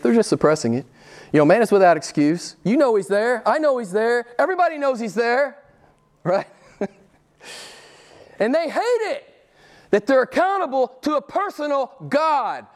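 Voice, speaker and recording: A middle-aged male preacher delivering a sermon with passion, his voice jumping from hushed asides to sudden high, emphatic rises. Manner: impassioned, swings from quiet to loud with sudden rises.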